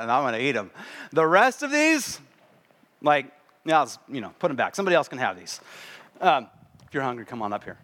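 A man preaching a sermon at a church service in a relaxed, joking way, acting out little voices. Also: on the high side. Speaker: pastor.

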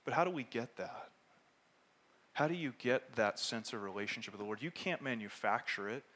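A man preaching a sermon as pastor, animated, dropping from loud emphasis to hushed near-whispers and acting out prayers in quoted voices. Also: medium pitch, moderate pace.

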